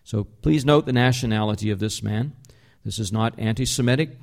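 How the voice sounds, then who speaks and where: A man delivering a sermon as pastor, in a conversational, explanatory way, slowing down to stress key words. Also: lowish voice, vocal fry, darkish tone.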